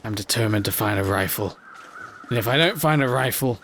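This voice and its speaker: A man's voice: on the low side, lively intonation, brisk, fairly bright tone, a little hiss or hum. Playful man narrating a survival game. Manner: playful, self-mocking, jokes while playing. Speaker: let's play host. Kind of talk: gameplay commentary.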